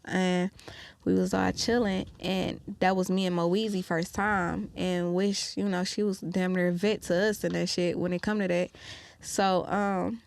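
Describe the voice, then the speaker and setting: A woman guest on a podcast, telling a story in a casual, animated way, swearing freely and acting out what people said. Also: on the low side, unhurried, vocal fry. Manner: animated, profane, acts out quoted lines.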